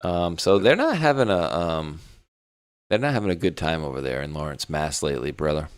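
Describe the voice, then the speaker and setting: A man's voice: a bass voice, animated, brisk, clear, resonant tone, no echo, clean studio sound. A man co-hosting an online talk show in a laid-back, rambling, mocking way. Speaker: co-host. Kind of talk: casual chat.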